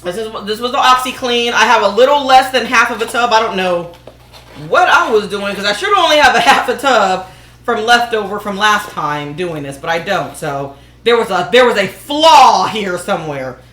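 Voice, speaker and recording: A woman's voice: mid-range voice, lively intonation, moderate pace, a bit bright. A woman making laundry soap at home and chatting casually to viewers, joking as she works. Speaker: DIY vlogger. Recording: echoey room.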